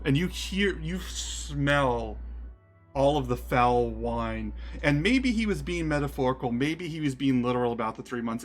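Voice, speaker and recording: Casual man narrating as game master. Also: medium pitch. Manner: casual, filler-heavy storytelling.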